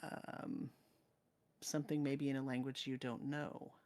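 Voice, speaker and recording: A woman running a tabletop game as game master, narrating in a slow, measured way with small hesitations. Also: very deep voice, flat delivery, a little mellow, no echo.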